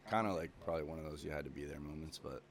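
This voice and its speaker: Young male podcast guest, low-pitched, loose and profane storyteller. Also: rapid-fire, gravelly, a little hiss or hum. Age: young adult. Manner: swears constantly, rambling with many fillers. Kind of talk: casual chat.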